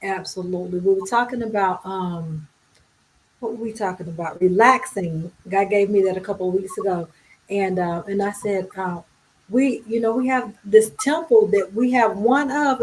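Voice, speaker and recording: A woman hosting a livestream interview on a video call, chatting casually and agreeing warmly with her guest. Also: medium pitch, moderate pace, a little hiss or hum, low-quality recording. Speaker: livestream host.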